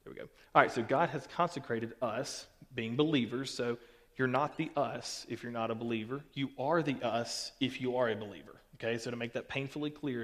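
A man's voice: medium pitch, a little fast, a bit bright. A man gives a casual Bible teaching as a pastor, often checking in with "okay" and "all right". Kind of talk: recorded Bible teaching to camera. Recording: long hall reverb.

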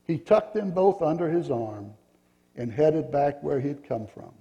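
A man's voice: a little high, animated, measured pace, warm tone, big-room sound. A man reading a storybook aloud to a group of children, telling it expressively.

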